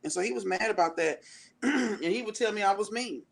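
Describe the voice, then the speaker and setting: A woman talking as a radio show guest, telling personal stories in a relaxed, candid way. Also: medium pitch, brisk, gravelly. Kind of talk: casual chat.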